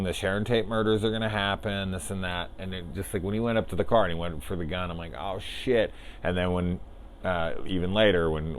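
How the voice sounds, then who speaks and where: A man's voice: deep voice, slight background noise. A man casually rambling through a spoiler discussion of a film as a reviewer, enthusiastic and swearing freely.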